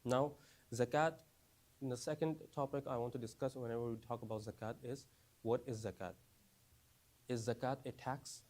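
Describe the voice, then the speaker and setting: A man's voice: medium pitch, steady tone, moderate pace, pauses often, darkish tone. A man teaching a class for new Muslims in a casual, conversational way. He often repeats phrases and keeps asking the class questions. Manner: repeats phrases, frequent "right?" and "you understand?".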